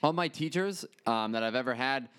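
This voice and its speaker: A man's voice: mid-range voice, expressive, fairly bright tone, clear, resonant tone. Joking young man in casual chat. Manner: joking, quick to laugh. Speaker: podcast co-host.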